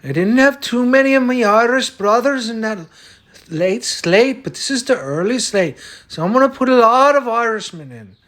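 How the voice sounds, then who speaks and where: A man pushes his voice extremely high, bright and animated at normal speed to play a brash, stubborn character claiming to be Irish. He's blunt and boastful, with some swearing, in a comic sketch over a fantasy lineup.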